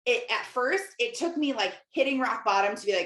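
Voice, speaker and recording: Fairly high-pitched, a little bright, and fairly quick, this middle-aged woman's voice carries a casual, confessional podcast monologue. She's a Christian life coach who rambles chattily, using many fillers and quoting herself, in a room with noticeable echo.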